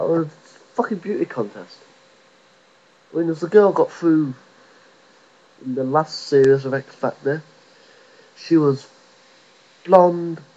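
A man's voice: medium pitch, warm tone. Sweary man ranting, lo-fi recording. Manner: rambling, sweary, mocking. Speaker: vlogger. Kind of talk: profane rant to camera.

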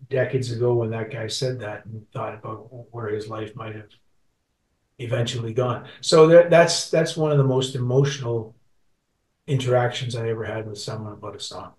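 A man in his sixties, from Scotland and raised in Canada, telling stories as an interview guest and rambling with many restarts. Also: mid-range voice. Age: 60s. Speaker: guest musician. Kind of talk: interview storytelling. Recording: roomy sound, distant from mic.

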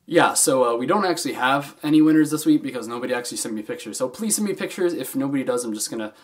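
A young man talking straight to camera on his own channel. His voice sits in a middle pitch range, and he keeps the delivery playful and animated, jumping from loud emphatic bursts to soft, muttered asides. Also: very fast. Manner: animated, jokey, swings between loud and soft. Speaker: vlogger host. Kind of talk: casual talking-head vlog.

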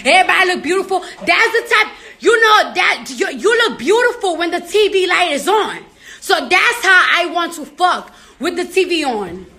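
A woman's voice: extremely high pitch, moderate pace. A woman talking straight to her followers in a casual monologue, brash and profane, telling stories with lots of energy. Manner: brash, profane, animated storytelling.

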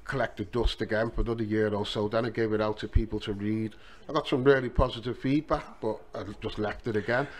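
A middle-aged Liverpudlian man with a lowish voice and a brisk pace, guesting on a podcast as an author and taxi driver. He's an easygoing, conversational storyteller, spinning relaxed tales peppered with plenty of "you know" asides.

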